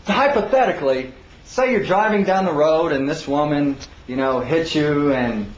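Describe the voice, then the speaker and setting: A man casually recounting his own court hearing, acting out the others with sudden raised, high voices. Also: moderate pace. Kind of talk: casual spoken anecdote. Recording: roomy dull lo-fi recording with faint hiss.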